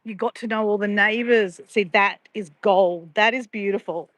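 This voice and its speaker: A woman's voice: mid-range voice, fairly even intonation, normal speed, fairly bright tone, no echo. A woman, chatting casually and playfully with live viewers in a bubbly, laughing way.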